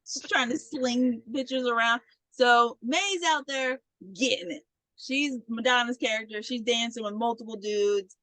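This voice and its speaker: A young woman with a high, bright voice retells a film scene by scene, jumping into the characters' lines with lots of "like." The sound is close and dry, with no room around her. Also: unhurried, no echo, poor audio. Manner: animated retelling, acts out characters' lines, frequent "like". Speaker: podcast co-host. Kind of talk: casual movie recap chat.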